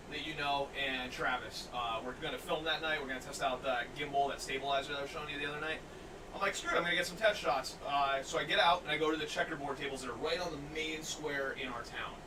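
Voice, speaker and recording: A young man hosting a podcast, telling stories in an animated way, laughing often and loudly acting out what people said. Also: a little high, brisk. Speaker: podcast host. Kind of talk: casual storytelling chat. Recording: distant mic, faint noise.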